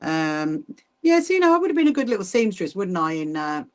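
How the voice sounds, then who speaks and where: A woman's voice: lowish voice, sing-song, brisk, darkish tone. Chatty woman hosting a sewing livestream. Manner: chatty, rambling, many restarts and asides; greets viewers by name while hand sewing. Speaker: livestream host. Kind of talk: casual livestream chat.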